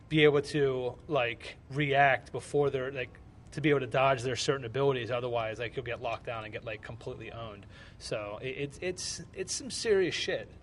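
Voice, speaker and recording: A man's voice: mid-range voice, a little hiss or hum. A young man from the United States co-hosting a podcast, chatting casually and rambling with lots of fillers and repeated words. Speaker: podcast co-host. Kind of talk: casual chat.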